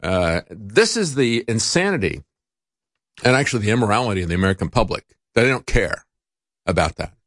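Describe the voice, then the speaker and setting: Male talk host, indignant and sarcastic, swinging pitch, dry studio sound. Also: very animated, a little fast, fairly bright tone, no room sound. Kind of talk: political commentary. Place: broadcast studio.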